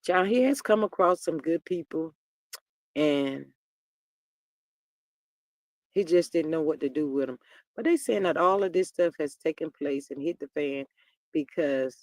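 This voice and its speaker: A livestream host chatting casually and sassily about celebrity gossip, reading out viewer comments and peppering the talk with "child" and drawn-out "mm, mm". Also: medium pitch, no echo, clean studio sound. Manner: chatty, sassy, reads viewer comments aloud.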